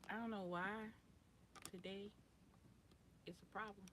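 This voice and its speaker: A woman hosting a casual livestream, rambling in relaxed slang and greeting viewers by name. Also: mid-range voice, unhurried, heavy background noise. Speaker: livestream host.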